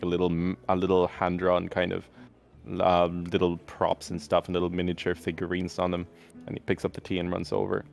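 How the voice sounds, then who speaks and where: A man's voice: deep voice, gravelly. A man narrating a tabletop game as game master in a rambling way, with many fillers.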